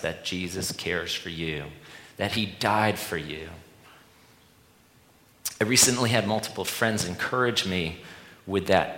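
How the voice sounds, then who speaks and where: Deep-voiced preacher in an echoey hall. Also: male voice, fairly bright tone. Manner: earnest, repeating a refrain with many restarts. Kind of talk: sermon. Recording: echoey hall with long reverb.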